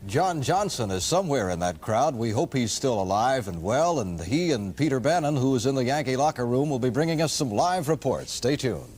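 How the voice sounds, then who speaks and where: A man's voice: medium pitch, sing-song, fairly quick, few pauses, a little mellow, slightly rough. A man anchoring a TV evening newscast in a polished anchor delivery. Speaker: TV news anchor. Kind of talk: news broadcast. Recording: noisy 1970s TV news broadcast.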